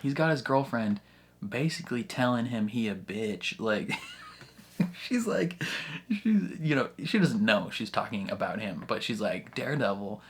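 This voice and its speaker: A man hosting a casual reaction video, ranting in an animated, exasperated way and swearing often. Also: mid-range voice, a little slow, slightly rough.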